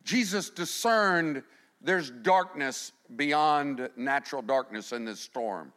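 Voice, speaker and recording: A middle-aged man preaching a sermon, animated, swinging between loud emphasis and hushed passages. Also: medium pitch, slow. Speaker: pastor.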